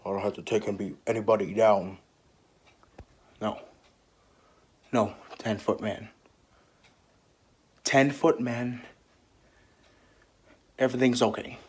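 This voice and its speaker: A man's voice: fairly low pitch, steady tone, takes it slowly, long pauses, darkish tone, breathy edge. A man improvising role-play voices for game characters, stammering and repeating his words. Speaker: player voicing game characters.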